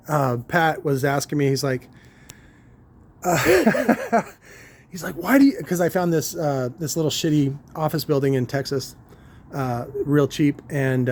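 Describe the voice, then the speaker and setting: A man's voice: mid-range voice, darkish tone. A man, a car audio shop owner, talking in a rambling casual monologue, crude and joking, with many restarts and filler words.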